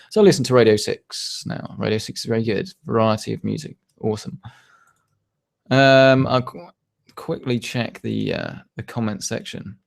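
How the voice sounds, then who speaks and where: Gravelly low guy hosting a stream. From United Kingdom. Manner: casual, rambling with many fillers and restarts. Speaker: tech channel host. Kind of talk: live stream Q&A.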